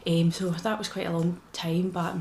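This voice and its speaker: A woman's voice: on the low side, fairly even intonation, moderate pace, darkish tone, echoey room, a little hiss or hum. A woman with a Scottish accent giving a casual personal update to her vlog, telling her story in an earnest, emotional way. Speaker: vlogger.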